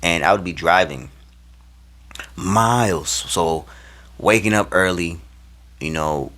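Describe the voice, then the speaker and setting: Speaking slowly in a low-pitched voice, a young vlogger from Minnesota shares a personal story on camera. He's casual, slangy and animated, shifting back and forth between loud moments and hushed ones.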